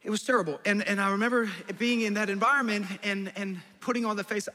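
A man in his thirties from New Jersey, a pastor preaching a sermon and telling family stories with lively acted-out voices. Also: sits high, quick pace, few pauses. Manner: animated storyteller, acts out family voices. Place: large church hall. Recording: long hall reverb.

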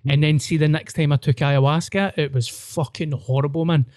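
A young man with a Scottish accent telling crude, animated anecdotes in casual podcast chat. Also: a little high, normal speed, no room sound, studio quality. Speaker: comedian podcast guest.

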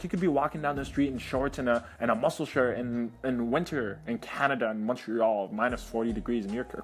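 An energetic man tells motivational stories at a rapid clip. He keeps checking in with his listeners. His voice sits at a middle pitch, with soft music underneath. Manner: energetic, keeps checking in with "right?" and "you know what I mean?". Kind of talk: motivational storytelling.

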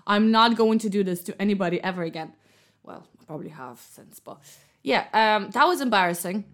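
A woman co-hosting a podcast in casual chat, telling animated stories and acting out other people's voices with laughter. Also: medium pitch, brisk. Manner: animated storyteller, acts out voices with loud laughter. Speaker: podcast co-host.

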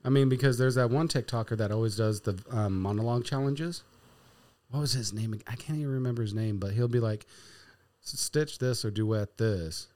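A woman co-hosting a podcast in casual chat, playful and quick to laugh. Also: extremely low pitch, dark tone. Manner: chatty, laughs often, playful asides. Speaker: podcast co-host.

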